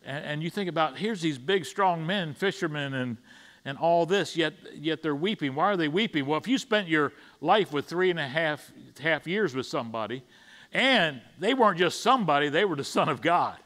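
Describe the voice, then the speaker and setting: A man's voice: fairly high pitch, expressive, moderate pace, fairly bright tone. A man preaching a conversational sermon in church, stumbling over restarts and acting out the disciples' side in paraphrase. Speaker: pastor. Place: church sanctuary.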